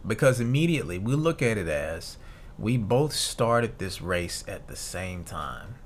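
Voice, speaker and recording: Deep-voiced man hosting a casual podcast. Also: sing-song, unhurried, slight background noise. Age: 30s. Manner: casual and reflective, reads notes aloud with fillers and restarts. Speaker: podcast host. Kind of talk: solo podcast monologue.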